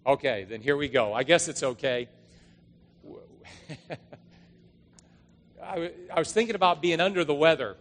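A man's voice: on the high side, moderate pace, pauses often, in a large hall. A man, a pastor giving a conversational, storytelling sermon to his congregation. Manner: conversational, storytelling, emphatic rises. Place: church.

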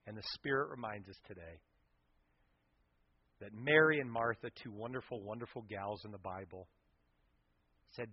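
A pastor preaching a sermon, telling stories with animation and swinging from loud to hushed. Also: male voice, medium pitch, lively intonation, moderate pace, pauses often, breathy edge. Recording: dull lo-fi sound.

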